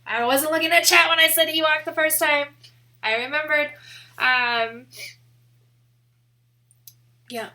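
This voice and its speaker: A young woman from the American Midwest, chatting casually on a live stream in a rambling way, full of "like" and quick laughs. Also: high-pitched, bright, forceful tone. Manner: chatty and rambling, heavy use of "like", laughs often. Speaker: photography streamer.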